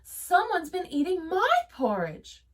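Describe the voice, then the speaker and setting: A woman voicing a worried, medium-sized mama bear in a high, alarmed voice. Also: huge pitch swings, takes it slowly, heavily acted. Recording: voice from a distance.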